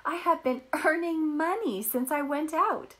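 A woman voicing an eager, kind young peasant girl who talks in a bright, excited way. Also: medium pitch, measured pace. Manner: bright and excited, bubbling with thanks.

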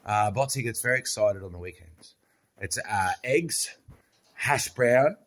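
A man's voice: on the low side, measured pace, a bit bright. A man filming a home pet vlog, chatting casually and cooing to his dog in a playful sing-song voice. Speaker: pet vlogger.

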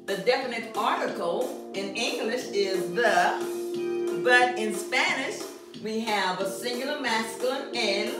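A woman teaching a Spanish lesson at a board, speaking slowly and deliberately and punching out stressed syllables. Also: a little high. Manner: laughs at herself. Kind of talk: classroom lesson at a whiteboard. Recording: roomy echo from far off, faint music.

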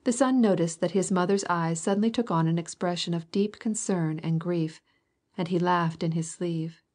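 A woman reading a classic novel aloud as an audiobook narrator in a steady, measured way. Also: fairly low pitch.

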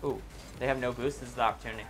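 A young man casually commentating his own gameplay, excitable and swearing a lot, yelling whenever he misses. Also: medium pitch, racing, over loud music.

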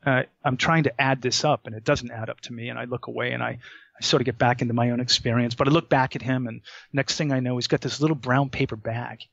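A man telling a story as a podcast guest, animated and full of restarts as he acts out his own dialogue. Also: mid-range voice, fast, vocal fry, no echo, muffled recording.

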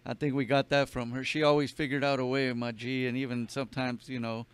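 A man hosting a podcast interview, relaxed and encouraging, often backing his guest up with quick yeahs. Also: medium pitch, clean tone. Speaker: podcast host. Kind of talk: casual interview chat.

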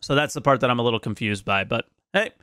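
A man's voice: mid-range voice, quick pace, bright, forceful tone, clear, resonant tone, no room sound, studio quality. A man streaming his reaction to a video, thinking aloud in a casual way with frequent restarts. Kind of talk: casual live-stream commentary.

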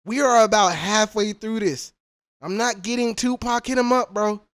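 A man's voice: high-pitched, moderate pace, a bit bright. A man reacting to a rap track, talking in a casual, profane, trash-talking way. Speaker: music reaction YouTuber.

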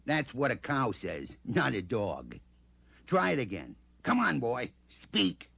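A coaxing dog trainer. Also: male voice, medium pitch, wildly swooping pitch, slow, creaky, fairly bright tone, slightly rough, heavily acted. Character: patient man teaching a dog animal sounds. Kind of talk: children's TV sketch.

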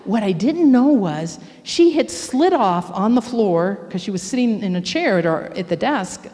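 A woman's voice: mid-range voice, lively intonation, measured pace, dark tone. A middle-aged woman giving a personal testimony at church. She tells the story with animation and acts out the voices of the people in it. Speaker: church speaker. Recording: long church reverb.

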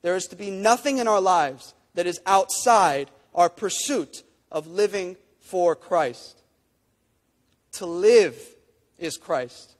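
A man's voice: sits high, in a large hall. A man preaching a sermon, emphatic, with repeated phrases and rhetorical questions. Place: church sanctuary.

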